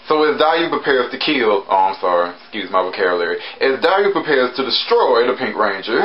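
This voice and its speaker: A man casually reviewing a TV episode, chatty with sarcastic asides and sudden jumps in pitch. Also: sing-song, fairly quick, dull audio.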